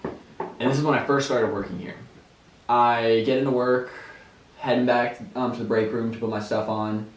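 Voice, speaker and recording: A man's voice: mid-range voice, normal speed, a little hiss or hum. A young man tells a story in loose, casual chat, full of "like" and "um" and breaking into laughter. His voice sits in a middle register. The mic is a little way off in an echoing room. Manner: animated, laughing storyteller with many fillers. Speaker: podcast co-host. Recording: roomy, distant mic.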